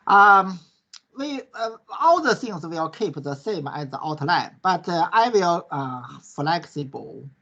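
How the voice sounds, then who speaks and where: A man teaching an online class in non-native English, peppering his answers with "right?" and "okay?". His voice is husky and gravelly. The sound is muffled and lo-fi, like a recorded video lesson. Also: fairly high pitch, big pitch swings, slow, pushed and bright. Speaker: course instructor.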